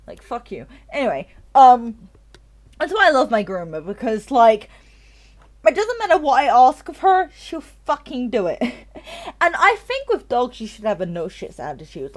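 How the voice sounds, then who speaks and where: Animated, tipsy woman ranting on stream. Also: high voice. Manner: rambling and profane, repeats herself. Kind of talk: casual chat on a live game stream.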